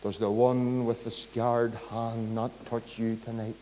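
A male pastor with a Northern Irish accent preaches in a church, telling a story and building toward fervent pleading with those listening. His warm, medium-pitched voice shows little pitch movement and keeps a measured pace, with long hall reverb and a little hiss or hum.

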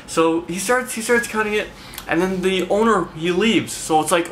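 A man's voice: high voice, fairly quick, a bit bright, slight background noise. A man vlogging an angry, profane, rambling rant straight to the camera. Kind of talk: ranting storytelling to camera.

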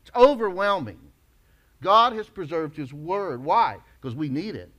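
A male pastor preaching a sermon emphatically, rising to loud declarations and dropping low. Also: animated, a little slow.

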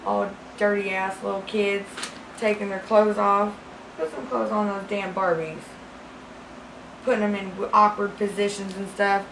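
A woman's voice: mid-range voice, fairly even intonation, a little slow, creaky, a bit bright, slight background noise. A woman playing a crude rambling small-town gal. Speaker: comedy sketch host character. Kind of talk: deadpan comic monologue. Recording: roomy echo.

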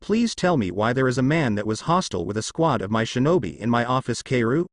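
A man playing a weary male village leader who asks measured, cautious questions, with a lively pitch. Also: no echo, studio quality, natural voice. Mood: cautious questioning.

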